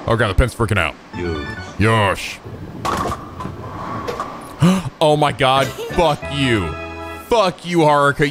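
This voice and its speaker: A man hosting a video game playthrough, swearing and trash-talking in mock anger. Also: mid-range voice. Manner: profane, excitable, mock-angry trash talk. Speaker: let's play host. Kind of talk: gaming commentary.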